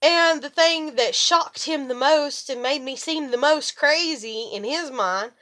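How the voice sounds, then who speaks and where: A woman's voice: sits high, a little slow. Rambling, swearing woman vlogger. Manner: rambling, profane, animated retelling. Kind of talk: casual monologue to camera.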